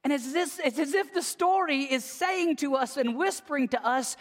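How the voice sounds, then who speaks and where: A preacher delivering a conversational sermon, emphatic, swinging from lively to hushed. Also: sits high, normal speed, few pauses. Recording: long hall reverb.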